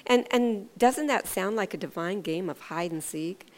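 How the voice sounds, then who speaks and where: An earnest woman sharing a devotional in a relaxed, chatty way, her voice sitting at an ordinary middle pitch. She stumbles and restarts now and then, then swings up and down in pitch when she tells a story. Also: normal speed. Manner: earnest and conversational, with hesitant restarts. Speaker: devotional speaker. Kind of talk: informal devotional sermon.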